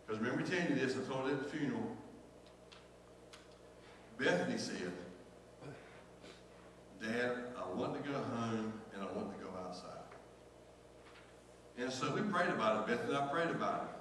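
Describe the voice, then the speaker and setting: Grieving pastor preaching in echoey church. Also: male voice, medium pitch, normal speed, long pauses, a bit bright, a little hiss or hum. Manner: emotional, repeats phrases, calls out to the congregation. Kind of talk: sermon. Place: church sanctuary. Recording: echoey church hall from far off.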